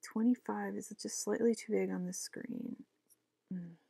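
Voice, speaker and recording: A young woman comic artist vlogger chats casually while drawing, rambling, poking fun at herself, and talking to herself as she works. Her mid-range voice is steady, warm, creaky, and a bit breathy, at a measured pace with no room sound.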